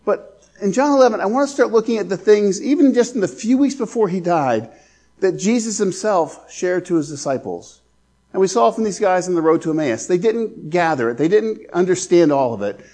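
A man preaching a sermon as pastor, earnest, slowing down to stress scripture. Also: sits high, expressive, darkish tone.

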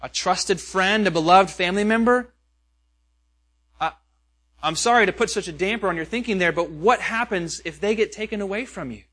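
High-voiced man preaching earnestly. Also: moderate pace, fairly bright tone. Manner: earnest, questioning, repeats rhetorical questions. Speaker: pastor. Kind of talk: sermon.

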